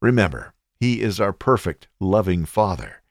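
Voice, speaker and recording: A man's voice: normal speed, no echo, clean studio sound. A man hosting a Bible podcast, giving devotional commentary and acting out quotes with big swings in his voice. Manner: expressive, acts out quotes with big pitch swings. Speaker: podcast host and Bible teacher.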